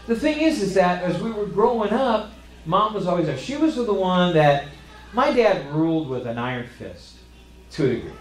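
A pastor delivering a sermon, telling rambling family stories with false starts and self-deprecating humor. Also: male voice, high voice, big pitch swings, moderate pace, roomy sound.

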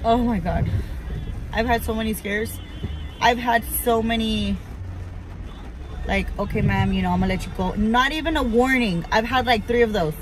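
A woman's voice: fairly high pitch, normal speed, pauses often. Woman, family vlogger, chatty, emotional, casual swearing, talking from her car, music in the background. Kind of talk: casual vlog storytelling. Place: in her car while driving.

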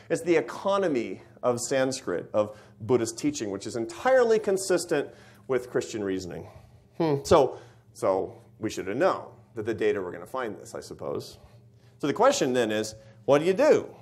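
A man's voice: medium pitch, darkish tone. A middle-aged man giving a university lecture, telling a story with lots of rhetorical questions to the audience.

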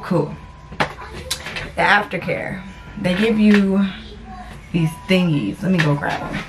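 A woman's voice: lowish voice, slow pace, over music. A young woman vlogging casually on her phone, blunt and cussing freely. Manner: blunt, cusses freely, groans in pain. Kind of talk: casual confessional vlog. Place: car, then indoors at home. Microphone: phone camera. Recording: noisy phone recording.

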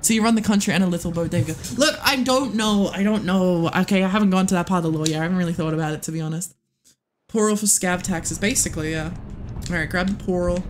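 A livestreamer in casual gameplay commentary, excitable and swearing often while talking to the game and chat. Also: medium pitch, fast talker, slight background noise. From United States.

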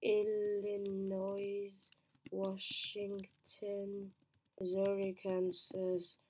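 Woman, quiz player, thinking aloud, muttering, whispers, slow, warm tone. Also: mid-range voice, completely flat delivery. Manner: mutters to herself, drops into whispers; trails off and restarts answers.

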